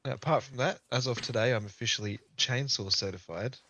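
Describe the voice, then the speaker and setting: A man's voice: mid-range voice, fairly quick, background noise. A man on a casual podcast, bantering dryly and playfully. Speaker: podcast regular. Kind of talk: casual chat.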